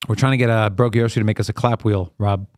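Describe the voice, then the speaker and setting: A man's voice: fairly low pitch, fairly even intonation, quick pace, darkish tone, no echo, studio quality. A man hosting a live trading stream, chatting with viewers by name and calling out chart patterns in a hyped, casual way.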